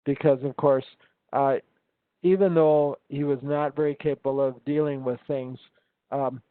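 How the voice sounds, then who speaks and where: A man's voice: medium pitch, fairly even intonation, unhurried, no echo. Man on a tinny, phone-like line. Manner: rambling storyteller, many ums and restarts. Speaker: instructor. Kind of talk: casual conversation.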